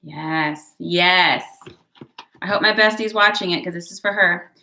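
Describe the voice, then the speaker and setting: Bright-voiced chatty woman reading tarot. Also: medium pitch, steady tone, quick pace, slight background noise. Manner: chatty, digressive, encouraging, addresses viewers as guys. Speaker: tarot and astrology reader. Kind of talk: casual horoscope reading to camera.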